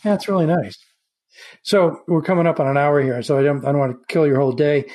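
Slightly higher-voiced male interviewer. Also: fairly even intonation, fast, darkish tone. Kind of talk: interview conversation.

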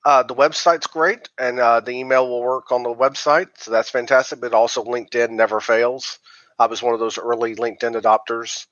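A man guesting on a podcast, answering in a measured way with many fillers. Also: mid-range voice, level tone, a bit bright, no echo, muffled recording. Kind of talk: casual interview answers.

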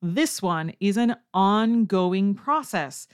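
A woman hosting a language-learning podcast, reading a scripted lesson and acting out learners' questions in a higher voice. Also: animated, slow, clean tone. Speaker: language teacher and podcast host.

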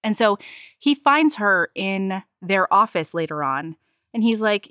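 A woman co-hosting a casual chat, recapping a story with quick acted-out lines and some swearing. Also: medium pitch, dry recording, studio quality. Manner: animated, swearing, acts out lines in quick voices. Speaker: podcast co-host.

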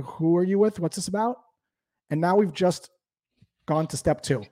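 A man teaching cold-call technique in an energetic, explanatory way. His voice is mellow and sits a bit above the usual male pitch, and he moves between explanation and quick demonstrations. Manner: explanatory, lively coaching. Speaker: sales trainer. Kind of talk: instructional talk.

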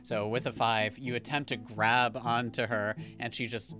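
A relaxed man narrates a tabletop game as its game master, laughing easily between rulings. His voice sits in a middle register, and music plays steadily under his talk. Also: medium pitch, moderate pace.

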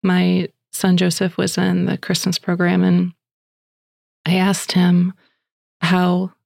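Woman podcast host, faith show, some vocal fry, dry close mic, chatty storyteller. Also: lowish voice, slow pace, no room sound. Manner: chatty, animated storytelling with voiced quotes. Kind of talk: faith podcast monologue with prayer and stories.

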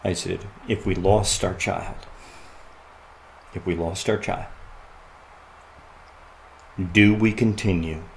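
Deep-ish voice guy telling his story, earnest, goes quiet and halting, faint hiss behind. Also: fairly even intonation, gravelly, poor audio. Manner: earnest, quiet and halting in grief, laughs at lighter moments. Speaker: podcast guest. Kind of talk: personal story in conversation.

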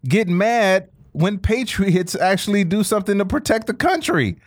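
Male podcast co-host, lively swooping voice, dry sound, preachy and profane. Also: sits high, moderate pace, no echo. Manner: animated, preachy, swears, repeats points. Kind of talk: casual political chat.

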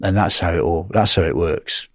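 A low-voiced Englishman speaking at normal speed tells rambling stories of his time in a US prison, frequently adding "right?". It's a casual storytelling interview recorded cleanly in a studio with no echo.

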